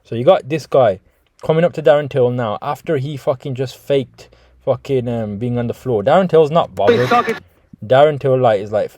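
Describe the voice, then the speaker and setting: A man talks straight to camera in a loose, profane reaction video. He keeps restarting his sentences and calling out to "guys", and his pitch sits at an ordinary middle range for a man. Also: normal speed, dark tone. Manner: heavy swearing, rambling with restarts, talks to viewers as guys. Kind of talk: casual reaction commentary.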